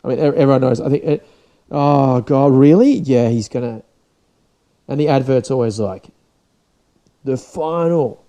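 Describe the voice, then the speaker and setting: A man's voice: mid-range voice, normal speed, dark tone. A young Australian man hosting a podcast, rambling and swearing in a casual solo rant, his voice sore and dried out. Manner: rambling, sweary, restarts often. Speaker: podcast host.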